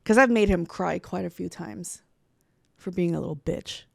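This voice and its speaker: A young woman in her twenties, co-hosting a casual chat and telling a profane, animated story with acted-out quotes. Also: fairly low pitch, moderate pace, vocal fry, no echo, clean studio sound. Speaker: co-host.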